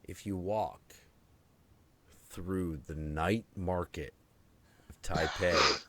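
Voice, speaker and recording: A man hosting a live stream, telling a story in a profane, jokey, animated way over a video call microphone. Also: low-pitched, very slow, heavy background noise. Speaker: host.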